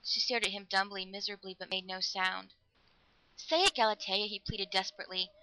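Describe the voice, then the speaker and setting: A woman's voice: mid-range voice, monotone, fast, pushed and bright, smooth, rough recording. A woman reading a desperate young man in love, speaking fiercely and pleadingly.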